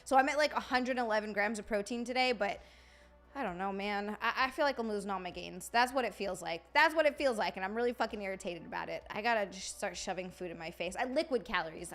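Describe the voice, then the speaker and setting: A woman's voice: medium pitch, a bit bright. A young woman chatting casually on a live stream, swearing freely and greeting viewers by name.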